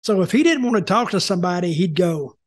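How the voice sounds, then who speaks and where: A man's voice: high voice, lively intonation, quick pace. An older man hosting a casual chat, telling rambling stories with restarts and quoting people as he goes. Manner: rambling, repeats words and restarts, quotes people in dialogue. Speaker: host, wrestling storyteller.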